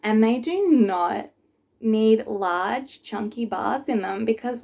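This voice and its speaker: A young woman, a piercer reacting to memes in a casual vlog, animated and sarcastic, often slipping into mocking voices. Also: a little high, measured pace, gravelly.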